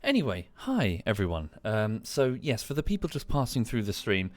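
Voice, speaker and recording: A man's voice: lowish voice, very animated, normal speed, no echo. A man, chatting casually on a live game stream, tired and dry, rambling with frequent ums.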